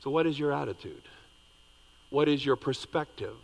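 A man preaching a sermon, reading scripture dramatically and talking plainly to the congregation, with big swings between loud and soft. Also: medium pitch, expressive, normal speed, gravelly, big-room sound, rough recording. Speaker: pastor.

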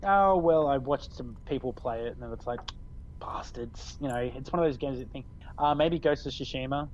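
A man's voice: medium pitch, brisk, lo-fi sound, a little hiss or hum. A man with an Australian accent co-hosting a gaming podcast, talking in a laid-back, meandering way with many fillers. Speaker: podcast co-host. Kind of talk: casual chat.

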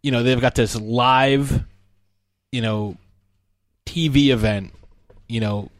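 Man, co-host, casual movie chat, animated retelling, mid-range voice, dry close sound. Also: mid-range voice, slow pace, no room sound. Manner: animated storytelling with frequent laughs and fillers.

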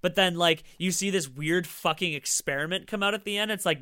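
A man chatting casually about games, quick and enthusiastic, swearing freely. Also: high voice, pushed and bright, no room sound, clean studio sound.

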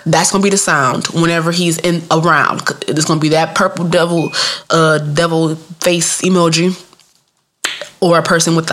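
A woman with a fairly low natural voice hosts a casual solo podcast. She tells stories in loose, slangy speech, laughs often, and leaps up in pitch when she quotes someone. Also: moderate pace. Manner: animated storytelling, laughs often, jumps up high for quoted voices. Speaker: podcast host.

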